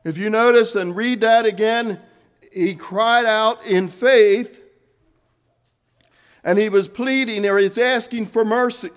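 Man preaching, high voice, earnest, fervent swells, soft drops. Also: steady tone, slow pace, clear, resonant tone. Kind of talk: sermon.

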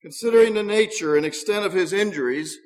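Man doing a measured, matter-of-fact doctor, higher voice, long reverb. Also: close to an everyday voice. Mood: grave. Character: calm male hospital doctor giving grave news.

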